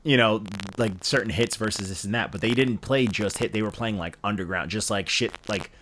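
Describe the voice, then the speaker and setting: A man co-hosting a podcast, chatting casually about rap albums, animated and laughing often, swearing freely. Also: on the low side, fairly quick, a little hiss or hum. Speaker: podcast co-host. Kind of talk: casual music review chat.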